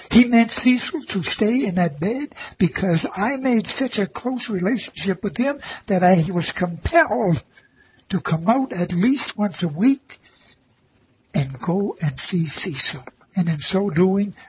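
Earnest high-voiced man giving a testimony. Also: animated, unhurried, a little hiss or hum. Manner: earnest and reverent, repeats phrases for emphasis. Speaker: volunteer who read the Bible to elderly residents. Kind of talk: personal faith testimony, told as a story. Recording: slightly dull lo-fi recording with faint ambience.

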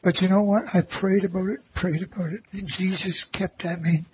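Earnest high-voiced man giving a testimony. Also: fairly even intonation, normal speed, slight background noise. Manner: earnest and reverent, repeats phrases for emphasis. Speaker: volunteer who read the Bible to elderly residents. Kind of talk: personal faith testimony, told as a story. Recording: slightly dull lo-fi recording with faint ambience.

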